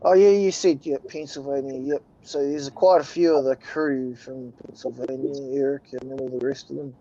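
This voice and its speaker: A man from New Zealand with a New Zealand accent, chatting casually as host, swearing freely and drawling with sudden excited bursts. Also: medium pitch, normal speed. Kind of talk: casual chat. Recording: dull lo-fi sound.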